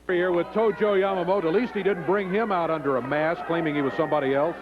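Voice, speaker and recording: A man hosting a wrestling TV show, calling the action and interviewing a wrestler in an excitable manner. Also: on the high side, fast. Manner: excitable, reads stipulations aloud. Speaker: wrestling TV host and commentator. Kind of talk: play-by-play commentary and interview. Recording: lo-fi early-90s TV broadcast with crowd noise.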